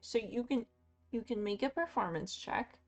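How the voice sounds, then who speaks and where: A woman's voice: a little high, normal speed. A woman running a tabletop roleplaying game as game master, casual and encouraging with her players.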